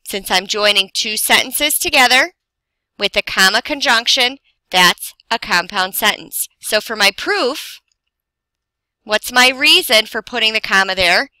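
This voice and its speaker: Bright-voiced woman teaching grammar. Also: a little high, lively intonation, no room sound, low-quality recording. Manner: slow, deliberate explaining with pauses for emphasis. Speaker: English teacher. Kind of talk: recorded grammar lesson.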